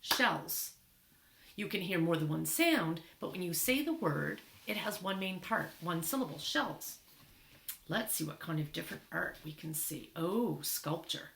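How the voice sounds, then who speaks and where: A woman reading a picture book aloud to children, teaching syllables slowly and clearly, stretching out words to clap them. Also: lowish voice, lively intonation, fairly bright tone, echoey room. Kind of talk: read-aloud lesson for children.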